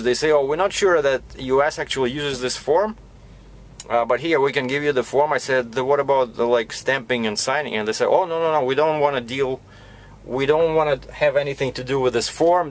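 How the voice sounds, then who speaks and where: A man who drives a truck, chatting from his cab as he tells a long, rambling story. He starts over often and keeps asking "right?" to pull the listener along. His voice sits at an ordinary middle pitch. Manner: rambling, with frequent restarts and "you know, right?". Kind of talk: casual storytelling vlog.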